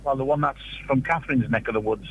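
Hesitant, flattering male caller. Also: mid-range voice, fast, highs cut off, a little hiss or hum. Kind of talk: call-in chat.

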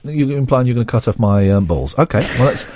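A man's voice: medium pitch, expressive, fast talker, darkish tone, slight background noise. A man hosting a radio show, bantering with a co-host in teasing, mock-outraged rants. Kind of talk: casual on-air banter.

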